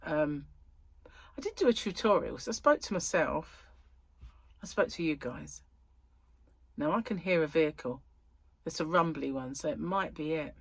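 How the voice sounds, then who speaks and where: A woman chatting casually to her viewers from home, a bit croaky and tired, rambling and correcting herself as she goes. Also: sits low, animated, moderate pace, long pauses, dry recording. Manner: rambling, chatty, self-interrupting. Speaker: crochet vlogger. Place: at home, indoors.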